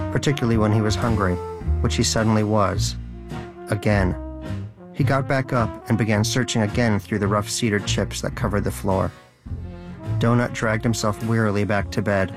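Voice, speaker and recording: A man narrating a comic story in a dry, wry storytelling manner. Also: fairly low pitch. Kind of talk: audiobook narration.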